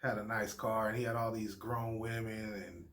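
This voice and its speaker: A man's voice: on the low side, little pitch movement, normal speed, a bit bright. An American man in a casual discussion, talking in a rambling way with slang and fillers. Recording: echoey room with faint noise.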